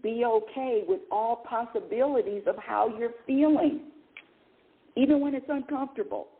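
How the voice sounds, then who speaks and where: A woman with a slightly high voice speaks at normal speed as the host of a call-in radio program. She's emphatic and repeats herself often, and the recording has a tinny, phone-like quality.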